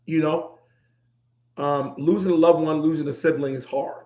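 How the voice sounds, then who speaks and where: A middle-aged male podcast host speaks from the heart, emotional and repeating his words for emphasis. His voice sits a touch high for a man. The sound is roomy and echoey, with a dull, lo-fi quality. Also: steady tone, normal speed, mellow. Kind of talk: heartfelt livestream talk.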